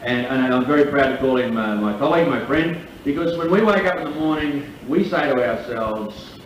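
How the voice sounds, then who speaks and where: A man's voice: medium pitch, lively intonation, normal speed, few pauses, a little hiss or hum. A man working as MC at a lunch, telling jokes and spinning a long tall tale with plenty of swearing. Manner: profane, storytelling. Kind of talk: stand-up emcee telling jokes. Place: large function room at a lunch. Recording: echoey live room from far off, dull.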